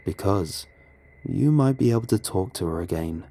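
A man playing a calm, low-voiced questioner. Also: moderate pace. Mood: probing.

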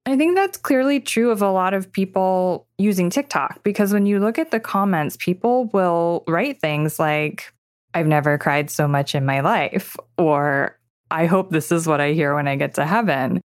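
A woman's voice: on the low side, normal speed, dry recording. Give me a woman writer reading her reflective audio essay in a dry, close recording. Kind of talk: scripted narration.

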